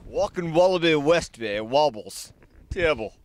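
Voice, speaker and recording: A man's voice: on the high side, expressive, normal speed. Punning man rambling through a science demo. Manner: rambling, punning, chuckling asides. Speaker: demonstrator in a science gag video. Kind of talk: jokey running commentary on a demonstration. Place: outdoors at night.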